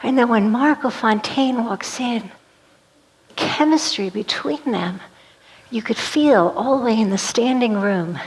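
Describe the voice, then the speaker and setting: A woman's voice: on the high side, a little slow, husky. A woman performing a one-woman play as a vivid, dramatic storytelling monologue.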